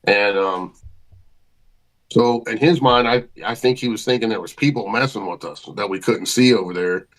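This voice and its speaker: A man's voice: fairly low pitch, normal speed, low-quality recording. A man, a podcast guest, telling a story in a casual, folksy way with colloquial grammar and vivid detail.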